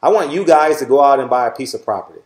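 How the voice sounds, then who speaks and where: A man's voice: mid-range voice, lively intonation, fast talker. Blunt, preachy man in an echoey room. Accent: Southern Californian. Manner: blunt, preachy, swears freely; repeats "all right?" often. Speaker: channel host. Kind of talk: casual monologue to viewers.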